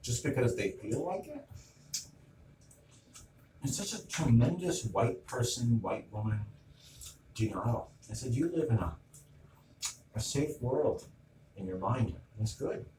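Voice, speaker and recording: A man's voice: medium pitch, animated, measured pace, long pauses. A middle-aged man in an agitated monologue, retelling an argument in quoted back-and-forth. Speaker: vlogger. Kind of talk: ranting monologue. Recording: roomy, distant mic, noisy ambience.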